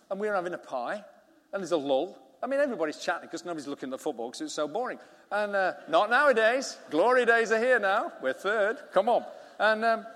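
A man's voice: high voice, fairly bright tone. A middle-aged man, preaching a sermon as a vicar and telling a story with acted-out dialogue. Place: church hall. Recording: long reverb of a church hall.

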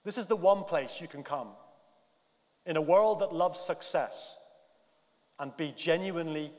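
A man preaching a sermon in a big church, animated and building to near-shouts at his emphatic points. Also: a little high, measured pace, long reverb tail.

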